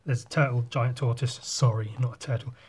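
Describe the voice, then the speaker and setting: A man's voice: medium pitch, steady tone, a little fast, darkish tone, husky. A man in casual chat while drawing, rambling through a story and swearing often. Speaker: artist.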